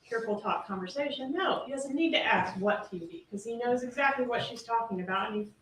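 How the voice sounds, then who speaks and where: Female prosecutor, slightly high voice, emphatic closing to a jury, heard from across a roomy courtroom. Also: expressive, a little fast, fairly bright tone. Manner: emphatic, rhetorical questioning. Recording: roomy courtroom audio from a distance, faint hiss.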